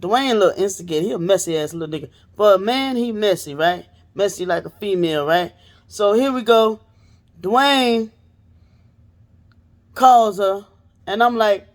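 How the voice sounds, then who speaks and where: A woman's voice: mid-range voice, normal speed. A woman host telling a story in casual chat, profane and blunt, acting out what others said.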